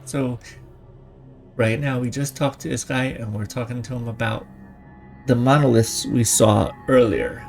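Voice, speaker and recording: A man's voice: medium pitch, a little slow, creaky, soft background music. A man hosting a gaming channel, giving chatty, rambling let's-play commentary into a desk microphone.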